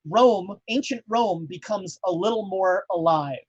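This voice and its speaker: A man's voice: high voice, a little slow, husky, no echo, muffled recording. A man narrating a tabletop horror game as game master, rambling with many fillers.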